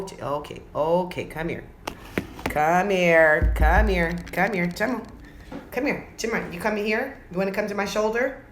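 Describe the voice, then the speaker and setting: A woman coaxing her pet bird at home in a cooing baby-talk voice, with casual swearing, in a noisy home recording. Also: on the low side. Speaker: pet video host.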